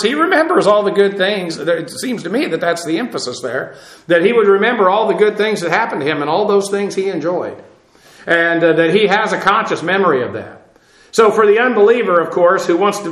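A man delivering a sermon as a Bible teacher, measured and explanatory, pausing often on filler sounds. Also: high-pitched, a bit bright, echoey room.

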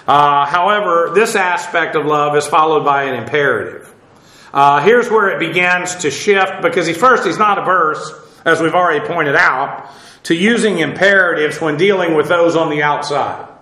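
A man preaching a verse-by-verse lesson in a bright, fairly high voice. He talks slowly and haltingly, with frequent pauses and filler sounds, and spells out Greek terms letter by letter. The sound rings around an echoey church hall. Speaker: pastor. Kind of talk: expository Bible teaching.

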